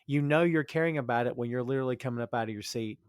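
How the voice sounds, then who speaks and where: A man cohosts a casual podcast in an easygoing, agreeable way, tossing in "man" and "dude". His voice sits at a middle pitch. The recording is close and dry. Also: rapid-fire, clean tone, dry recording.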